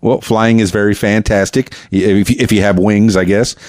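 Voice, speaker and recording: A man's voice: on the low side, steady tone, normal speed, darkish tone, no echo, clean studio sound. A man from Arkansas hosting a podcast, chatting casually and joking with frequent laughs. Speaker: podcast host. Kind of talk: casual chat.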